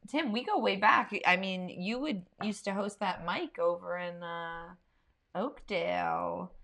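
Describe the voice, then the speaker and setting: A woman's voice: lowish voice, a little slow, gravelly, sharp tone. A woman comedian hosting a casual chat show, talking bluntly and swearing freely.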